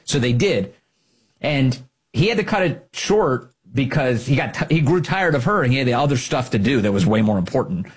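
Sarcastic, husky-voiced male commentator. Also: medium pitch, big pitch swings, moderate pace. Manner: sarcastic, heated ranting. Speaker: political commentary host. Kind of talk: opinion show monologue.

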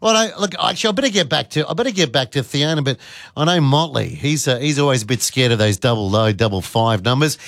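A man's voice: mid-range voice, lively intonation, fast talker, gravelly, a bit bright, no echo, studio quality. A man hosting talkback radio, chatting with callers in a cheeky, jokey way. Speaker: radio host. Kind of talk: casual talkback radio chat.

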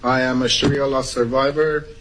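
A man's voice: flat delivery, moderate pace, a bit bright, a little hiss or hum, low-quality recording. A man from Iran giving an urgent, emotional public comment, close to tears. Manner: urgent, emotional, rising to high pitch. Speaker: public speaker at a meeting.

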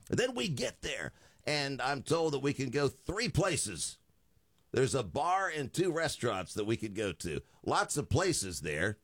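A man's voice: mid-range voice, huge pitch swings, slow pace, a bit bright, no echo. A man in his fifties, a radio talk show host, telling a joking story in a studio.

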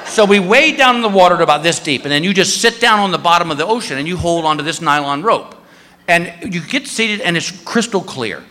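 On a comedy stage before a live audience, a man tells a story, animatedly acting out its characters with big screams. His voice is high and fairly quick, and the recording has a little hiss or hum plus long, echoey reverb.

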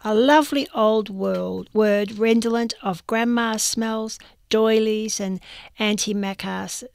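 A woman reads a humorous magazine column aloud in a wry, dry storytelling manner. Her voice has a gravelly texture, and the recording is close and dry. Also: mid-range voice, steady tone, takes it slowly, a little mellow, no room sound. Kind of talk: reading a first-person column aloud.

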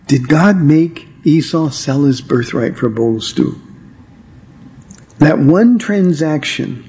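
A man teaching a Bible study, earnest and emphatic, leaning on key words by slowing right down. His voice sits somewhat high for a man, yet sounds mellow and warm. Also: lively intonation. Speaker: Bible teacher and radio show host.

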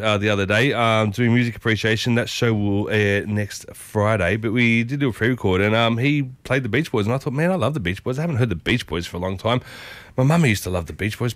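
An Australian man chats on his own morning radio show, upbeat and talkative, his voice leaping up high when he gets excited. His voice sits at a middle pitch. The studio sound is dry and close. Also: no echo. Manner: chatty, upbeat, excitable with sudden high bursts. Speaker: radio host. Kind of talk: solo morning radio chat. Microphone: studio microphone.

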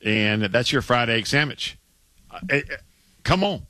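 A male sports radio host, bright and forward in tone, with very dry, close studio sound. He talks in lively, emphatic banter and stumbles over repeated words when he gets worked up. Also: mid-range voice, unhurried, dry recording. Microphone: studio mic.

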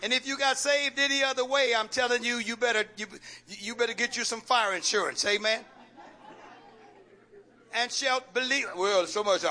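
A very high-pitched, sharp-toned man preaches as pastor. He tosses questions to the congregation to answer and repeats phrases while joking in a folksy way.

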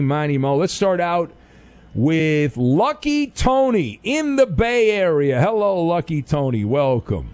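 A man hosting a call-in radio show in casual banter, animated and quick to joke, stammering when flustered. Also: a little high, clean tone, no echo.

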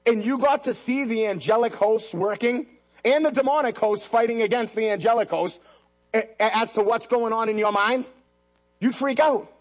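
A man's voice: extremely high pitch, normal speed. A man preaching a sermon as pastor, emphatic, repeating key lines and mixing in jokes.

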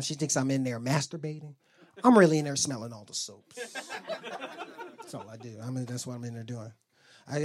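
A young adult man doing a stand-up comedy set, telling crude, profane stories and acting out the lines of people in them. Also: on the high side. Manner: animated storytelling, acts out quoted lines.

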